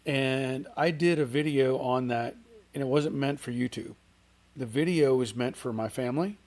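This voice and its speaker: A man's voice: medium pitch, a little mellow. Chatty middle-aged man hosting a livestream. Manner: chatty, rambling, reads out viewer comments. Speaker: host of a car channel livestream. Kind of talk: casual livestream chat.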